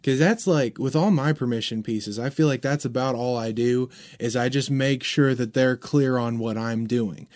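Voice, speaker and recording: A young man hosting a casual chat, relaxed, laughing often and saying "like" a lot. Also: mid-range voice, normal speed, hardly any pauses. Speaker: podcast host.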